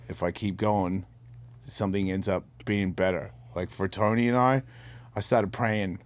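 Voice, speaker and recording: Earnest rambling middle-aged man, low voice. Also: fairly even intonation, measured pace. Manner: repeats and restarts words mid-sentence. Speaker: podcast co-host. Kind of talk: candid personal storytelling.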